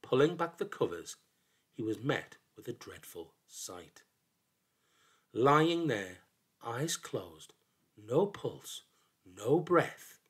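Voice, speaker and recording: A husky-voiced man narrates a folk tale as a storybook reading, expressive and dramatic, sinking at times into hushed lows.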